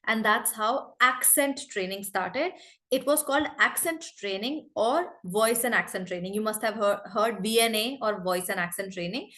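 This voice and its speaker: A woman's voice: on the high side, moderate pace, a bit bright. A woman with an Indian English accent teaching a live online class over a video call, chatty and calling students by name.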